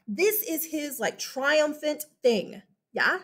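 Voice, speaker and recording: A woman lecturing on history has a slightly high voice, a slight lisp, and a measured pace broken by long pauses. She's animated and talkative in class, checking in again and again with "okay?"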